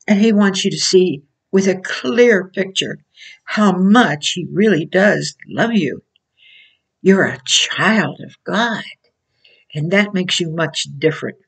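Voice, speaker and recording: A woman preaching in an informal sermon, telling her points as slow stories and laughing often between phrases. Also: on the low side, creaky, breathy edge. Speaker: Christian teacher. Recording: voice from far off the mic.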